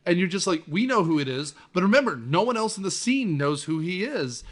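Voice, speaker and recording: A man hosts a casual movie podcast, his voice swinging lively up and down as he recounts scenes. He talks with animated energy and drops the odd swear. His voice sits a little high for a man. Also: brisk. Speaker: podcast host.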